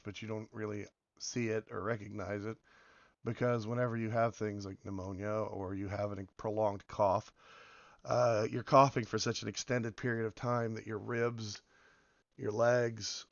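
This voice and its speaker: A man with a hoarse voice from being sick, rambling casually as he comments on a game and drifts between topics. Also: on the low side, dry recording, muffled recording. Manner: rambling, meandering, many fillers. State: hoarse from illness. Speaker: game video host.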